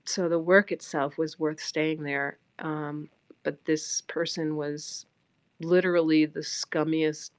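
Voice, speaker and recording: Middle-aged new lady, low voice, ranting bluntly about an old boss, dry close sound. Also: dry recording. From New York. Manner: blunt, animated, emphatic storytelling. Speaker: livestreamer. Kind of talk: casual personal storytelling.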